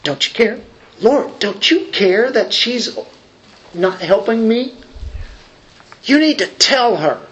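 A man's voice: sits high, big pitch swings, slow, long pauses, a bit bright, exaggerated voice, low-quality recording. A man preacher voicing a frustrated woman who complains that she is left alone with the work in the kitchen. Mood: complaining. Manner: exasperated, pleading complaints.

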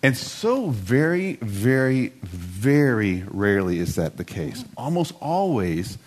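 A man's voice: mid-range voice, sing-song, slow, few pauses. A middle-aged man giving a church talk with a conversational, self-mocking story.

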